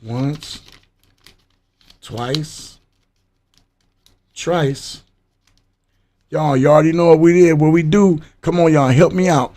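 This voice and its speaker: Man doing a live podcast stream, bit higher voice, chatty, talking to his viewers. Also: takes it slowly, pauses often, mellow. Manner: loose, chatty, talks straight to viewers. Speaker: livestream podcast host. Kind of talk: casual live-stream chat.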